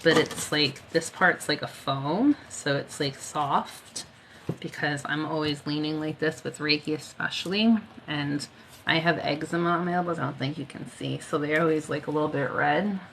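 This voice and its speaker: A woman's voice: deep voice, fairly even intonation, moderate pace, a bit bright, slight background noise. A woman hosting a Reiki livestream, chatting casually with viewers in a tired, worn-out voice, using lots of fillers and coughing now and then. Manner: chatty, many fillers, answers viewer comments. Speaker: Reiki healer, livestream host.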